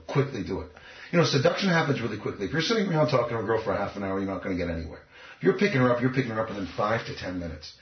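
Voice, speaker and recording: A man talking as a dating coach in an interview, cocky and emphatic. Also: medium pitch. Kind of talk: casual interview talk. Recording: echoey, muffled lo-fi recording.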